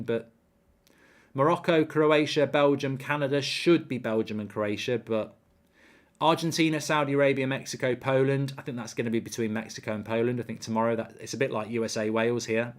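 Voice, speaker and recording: Chatty man hosting a football stream. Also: medium pitch. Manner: chatty, rambling, repeats words and restarts. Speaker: football watchalong host. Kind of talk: casual live-stream chat reading viewer comments.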